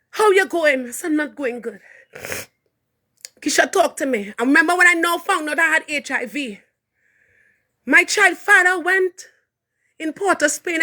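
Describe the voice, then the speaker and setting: A woman with a Trinidadian accent who is a minister, giving an impassioned live testimony with fervent, preaching delivery that rises to shouts. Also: very high voice. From Trinidad and Tobago. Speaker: minister and hairdresser.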